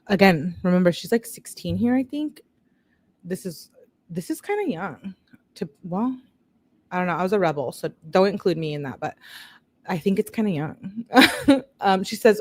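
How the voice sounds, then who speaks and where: A woman's voice: on the low side, moderate pace. A woman hosting a true-crime video, reading text messages aloud in a casual way and breaking off to react and talk to her viewers.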